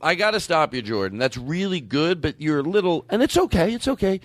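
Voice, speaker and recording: Lively, animated male podcast host. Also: a little high, a little fast, crowd noise. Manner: animated, coaxing, laughs often. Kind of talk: casual comedic chat.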